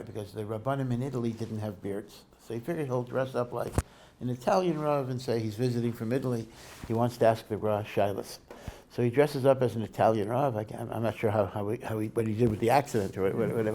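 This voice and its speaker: A man's voice: mid-range voice, warm tone, a little hiss or hum. A man, a rabbi, giving a Torah lecture in a conversational, digressive storytelling way, often restarting his sentences and using Hebrew and Yiddish learning terms. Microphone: podcast recording of a lecture.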